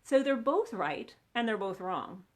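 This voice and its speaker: A woman's voice: mid-range voice, very animated, measured pace. A woman relationship coach giving an earnest teaching talk, explaining and asking her audience questions.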